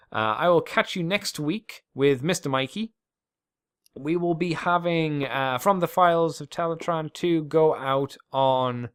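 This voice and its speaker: A man's voice: on the high side, smooth. A man hosting a podcast alone, rambling casually with plenty of swearing and self-deprecating asides. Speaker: podcast host.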